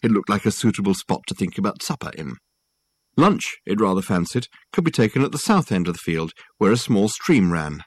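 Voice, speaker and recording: Low-voiced man narrating a wry story. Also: very animated, brisk, breathy edge, no echo. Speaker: audiobook narrator. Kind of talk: scripted narration.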